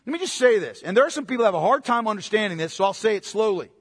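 A man's voice: high voice, lively intonation, very fast, breathy edge, dry recording, clean studio sound, in a large hall. A man preaching a sermon, emphatic, repeating phrases for stress and asking the congregation questions. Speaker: pastor.

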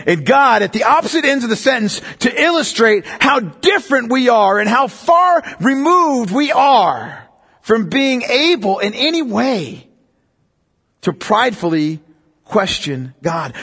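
A male pastor with a high, husky voice delivers an emphatic sermon. He presses his points hard, then drops low and hushed for stress. The sound rings with a long hall reverb, as from a church sanctuary. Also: sing-song, unhurried. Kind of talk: expository sermon.

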